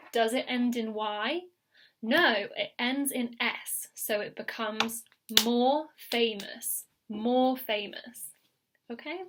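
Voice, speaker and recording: Slow, patient woman teaching English. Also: fairly high pitch, fairly bright tone. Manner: patient, repeats words and checks with "okay?". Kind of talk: slow recorded grammar lesson.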